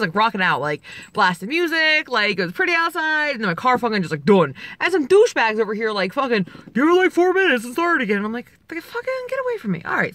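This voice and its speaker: A woman's voice: a little high, pushed and bright. A woman from South Jersey ranting profanely and bluntly in a vlog, talking from her car. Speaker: vlogger. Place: car with dogs.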